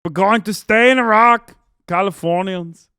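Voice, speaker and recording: A man doing a loud, exaggerated impression of a famous action-star governor. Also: high-pitched, measured pace, smooth, no room sound, studio quality, voice pushed up. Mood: booming mock.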